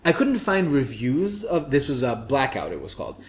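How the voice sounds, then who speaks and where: A man chatting about comics on a podcast, his pitch swinging widely as he vents. He sounds exasperated and sarcastic, and now and then he drops into mock voices. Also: big pitch swings, moderate pace. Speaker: comics review podcast co-host. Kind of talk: casual chat.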